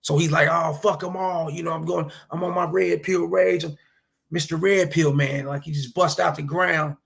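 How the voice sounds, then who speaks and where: Sharp in tone, a commentary vlogger speaks in a slightly high, gravelly, husky male voice. He gives casual reaction commentary that's blunt and profane, lecturing listeners with preachy street-style advice.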